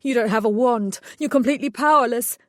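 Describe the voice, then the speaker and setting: A woman's voice: fairly quick, dry recording, clean studio sound, natural voice. A woman voicing a vain, panicky young male fairy who wails melodramatically. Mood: mournful. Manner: shrill melodramatic wailing.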